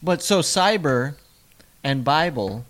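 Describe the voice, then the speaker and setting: A man's voice: a little high, expressive, takes it slowly, a bit bright. A man co-hosting a podcast in casual chat, rambling and joking and often tripping over his words. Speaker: podcast co-host.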